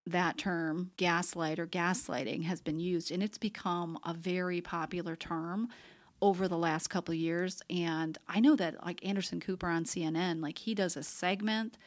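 A woman's voice: on the low side, steady tone, normal speed, no echo. A middle-aged woman, a therapist hosting a podcast, explaining a concept conversationally and acting out quoted phrases. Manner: acts out quoted phrases in a shifting voice.

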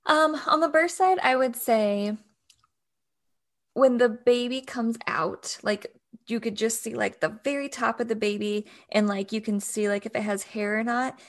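Young woman podcast cohost, gravelly fry, lots of "like", chatty. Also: on the high side, measured pace. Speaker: doula podcast co-host. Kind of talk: casual podcast chat.

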